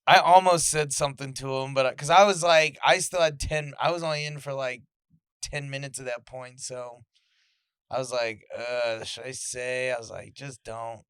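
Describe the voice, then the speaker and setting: Bright, clear-voiced joking young man. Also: on the high side, steady tone, normal speed, no echo, clean studio sound. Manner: joking, swears freely, acts out stories. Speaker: podcast co-host. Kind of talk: casual sibling chat.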